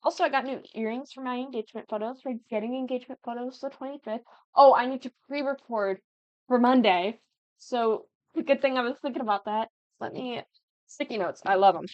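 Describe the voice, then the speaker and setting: A woman's voice: a little high, brisk, no echo. A 19-year-old woman chatting casually at home over gameplay, rambling and giggly, jumping from thought to thought. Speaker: gaming YouTuber. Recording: dull lo-fi dry sound.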